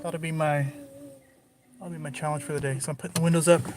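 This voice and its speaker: A man on the high side speaks quickly in a level tone, with noise in the background. Behind the wheel on city streets, he keeps rambling and joking to his stream's chat viewers.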